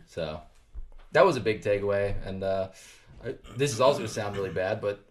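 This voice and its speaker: Low-voiced young man, earnest and reflective. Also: fairly quick. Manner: earnest, reflective, laughs easily. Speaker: podcast co-host. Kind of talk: casual chat.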